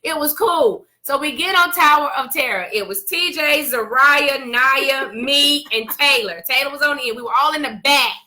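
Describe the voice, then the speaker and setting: Woman, co-host, chatty storyteller, repeats herself, greets viewers, sharp bright tone. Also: high-pitched, moderate pace, hardly any pauses. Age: adult parent. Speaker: co-host of a couples talk show. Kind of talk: casual chat.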